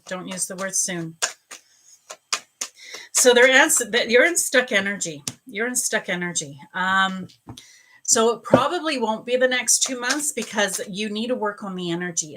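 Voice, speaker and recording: A woman's voice: mid-range voice, background noise. A woman hosting a live stream as a psychic reader, chatting and greeting viewers by name between angel card readings.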